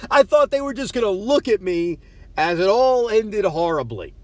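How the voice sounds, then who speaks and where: New man, thirties, lively rising and falling delivery, slightly high voice, dry close sound, stammery storyteller. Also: unhurried, no room sound. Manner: animated, self-deprecating, frequent stammered restarts. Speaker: podcast host. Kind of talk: casual monologue storytelling. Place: parked car.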